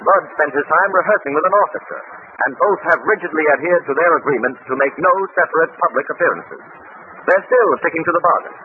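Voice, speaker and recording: A man's voice: a little high, narrow, tinny audio. A man as a radio announcer giving a formal, grandiloquent 1930s introduction. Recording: scratchy 1930s radio broadcast.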